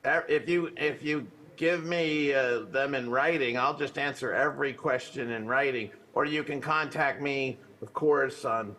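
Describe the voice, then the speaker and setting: An older conference speaker handles Q&A in an authoritative way, letting sentences drop off at the end. He talks a little slowly at medium pitch with a sharp tone, hardly pausing at all.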